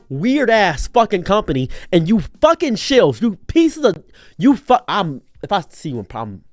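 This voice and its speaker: A man ranting on a commentary stream, exasperated and profane, swinging between loud outbursts and low muttering. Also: no room sound, studio quality. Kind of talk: angry reaction rant.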